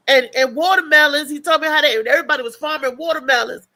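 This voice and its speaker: A woman with a high, bright voice chats on a casual livestream. She tells stories with animation and restarts often. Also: quick pace. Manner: animated storytelling with frequent restarts and laughter. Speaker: co-host.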